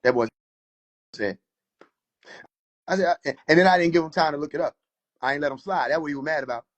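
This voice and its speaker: Man, high-pitched voice, livestream host, casual mocking rant, boisterous. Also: a little fast. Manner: boisterous and mocking, laughs often.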